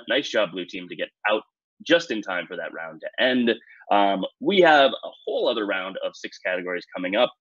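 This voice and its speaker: A man hosting a trivia quiz in a relaxed, self-deprecating way, with many "uh"s and "um"s, on a dull, dry, lo-fi recording. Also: sits low, brisk, breathy edge, dry recording. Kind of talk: casual quiz-show hosting.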